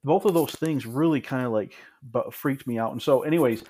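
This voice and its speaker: A man in his thirties from Michigan, a podcast guest telling his story in a relaxed, reflective way, with frequent restarts and asides. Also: medium pitch, fairly quick, husky. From Michigan, USA. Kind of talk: casual storytelling in an interview.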